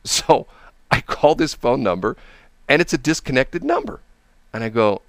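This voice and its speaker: A man spins a rambling everyday story, slipping into the voices of the people in it. His pitch swings widely as he talks. The sound is close and dry. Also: moderate pace, no echo. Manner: animated, acts out quoted people. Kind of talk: casual storytelling.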